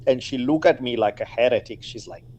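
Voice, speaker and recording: A man's voice: mid-range voice, a little fast, a little mellow. Male guest, mid-range voice, easygoing anecdotal delivery. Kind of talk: casual conversation.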